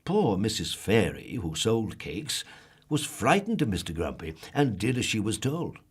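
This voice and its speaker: A man's voice: fairly low pitch, very animated, a little slow, breathy edge. A man reading a children's storybook aloud, asking the listener questions and drawing out words. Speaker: storybook narrator.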